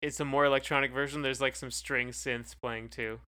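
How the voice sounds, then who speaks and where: A man's voice: medium pitch, steady tone, moderate pace, sharp tone. A man co-hosting a podcast, talking casually in a hesitant, rambling way with many fillers. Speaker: podcast co-host. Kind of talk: casual chat.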